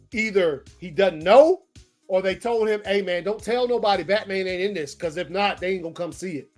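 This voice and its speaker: A man hosting a show and giving casual commentary on movie news, animated, slangy and often profane as he thinks aloud. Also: high-pitched. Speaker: pop-culture show host.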